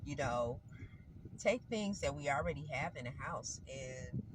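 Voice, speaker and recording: A woman's voice: a bass voice, lively intonation, measured pace. A woman vlogger with a stuffy nose from a cold, chatting casually and rambling to her viewers while out on errands. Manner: rambling, chatty, self-correcting. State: congested with a cold. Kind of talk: casual chat to camera. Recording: noisy vehicle background.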